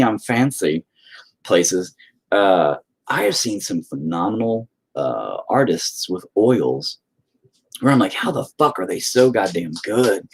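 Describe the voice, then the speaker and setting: While painting, a man chats casually with his viewers, swearing, rambling, and running himself down. His voice is lowish and slightly rough.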